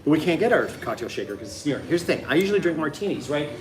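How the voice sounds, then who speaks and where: A man's voice: on the high side, sing-song, rapid-fire. A man hosting a casual home cocktail show from his kitchen, joking and rambling with lots of fillers. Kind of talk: casual cooking chat.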